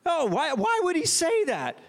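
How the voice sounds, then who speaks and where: A man's voice: extremely high pitch, huge pitch swings, unhurried. A middle-aged man, a pastor, gives a playful sermon and talks straight to the congregation.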